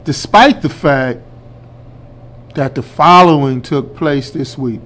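A radio host, a man, delivers a colloquial and emphatic political monologue, calling his listeners folks and building toward loud declarations. His voice is a little high and he takes it slowly.

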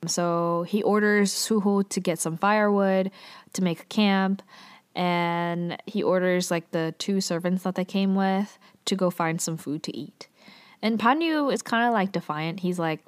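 A woman's voice: fairly low pitch, measured pace, clear, resonant tone. A woman casually recapping a drama episode, chatty and loose, full of fillers and playful asides.

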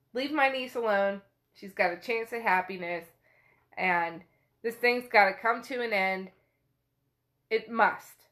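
A book podcast host with a slightly high, somewhat bright voice casually retells a novel chapter. She paraphrases in a chatty way, using frequent fillers.

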